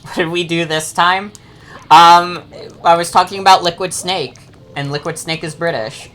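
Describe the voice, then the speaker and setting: A woman's voice: on the low side, fairly even intonation, moderate pace, fairly bright tone, soft background music. A woman streaming a game, chatting and joking casually with her chat and swearing freely. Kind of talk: casual gameplay commentary.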